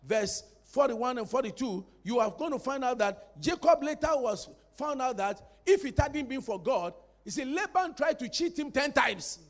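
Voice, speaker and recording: Very high-pitched man, lively preacher, teasing and rousing his congregation. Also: normal speed, few pauses. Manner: animated, playful, calls for congregation response. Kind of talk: sermon.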